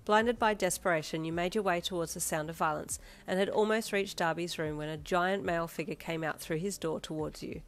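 A woman narrating a second-person fanfiction story with dramatic, expressive delivery. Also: fairly low pitch, a little fast, few pauses.

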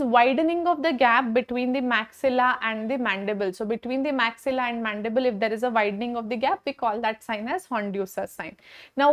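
High-voiced Indian woman lecturing medical students. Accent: Indian English. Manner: encouraging, repeats key points, mixes Hindi into English. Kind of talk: online exam-prep lecture.

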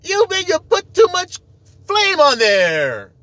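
A man's voice: very high voice, huge pitch swings, slow pace, bright, forceful tone, dry recording, voice pushed up, exaggerated voice. A man putting on the voice of a fussy male diner, whiny and indignant.

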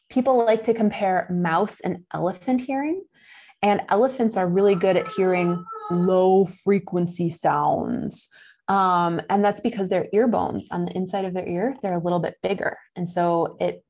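A woman's voice: lowish voice, darkish tone. Enthusiastic woman with a Buffalo accent. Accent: Buffalo, New York. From Buffalo, New York. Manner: enthusiastic, chatty, with fillers and laughs. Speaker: nature educator. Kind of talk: online nature lesson for kids.

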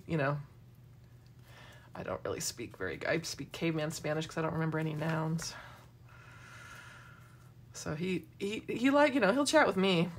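Here a middle-aged craft demo host talks casually while working, chatty and prone to rambling asides. Her voice sits low, with slight background noise.

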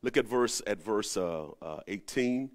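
A man preaching a sermon, animated, rising to emphatic peaks and dropping to low asides. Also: a little slow. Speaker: pastor. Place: at home during the pandemic.

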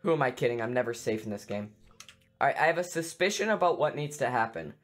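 A man giving excitable let's play commentary on a video game, screaming and making silly sound effects. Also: mid-range voice, fast talker. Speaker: gaming YouTuber.

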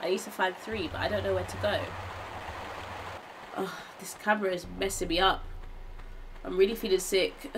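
Excitable young woman streaming a game, noisy. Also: lowish voice. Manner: excitable, gasping and shouting at surprises. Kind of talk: live gameplay commentary.

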